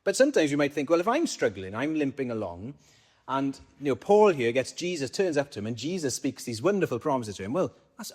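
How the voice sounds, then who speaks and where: A Welsh man preaching to his congregation at a mid-range pitch. He talks in a conversational way, asking his listeners questions and then answering them himself. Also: sing-song, fairly quick, darkish tone. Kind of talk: sermon.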